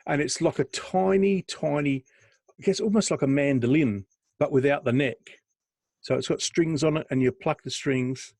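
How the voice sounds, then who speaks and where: A middle-aged man in casual podcast chat, meandering through his stories with frequent laughs and restarts. His voice sits at an ordinary pitch and is recorded close and dry, with no room sound around it. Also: darkish tone, dry recording. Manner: rambling, chatty, laughs often, restarts. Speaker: podcast co-host.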